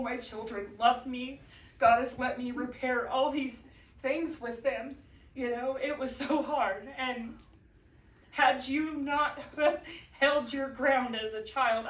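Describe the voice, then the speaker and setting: A woman's voice: high-pitched, fairly even intonation, a little slow. A middle-aged woman giving an emotional personal testimony in church, earnest and at times tearful, laughing between phrases. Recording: echoey room, voice from a distance.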